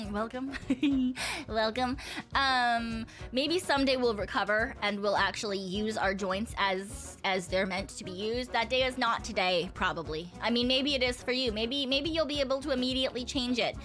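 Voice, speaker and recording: A woman's voice: on the high side, normal speed, a bit bright. Rambling young woman streamer. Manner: rambling, swearing, laughing often. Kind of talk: casual chat with viewers. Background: faint music.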